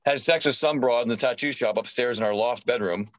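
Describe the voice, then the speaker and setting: A man who is a tattoo artist, guesting on a podcast and telling stories in a profane, animated way, swearing constantly. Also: medium pitch, a little fast, no echo, poor audio. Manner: animated anecdotal storyteller. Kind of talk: casual storytelling chat.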